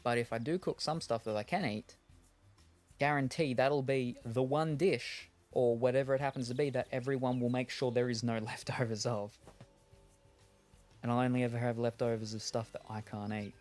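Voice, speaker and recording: A man's voice: mid-range voice, fairly even intonation, moderate pace, darkish tone, soft background music. A man streaming a game, chatting casually and thinking aloud, with lots of fillers and restarts. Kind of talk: casual chat while gaming.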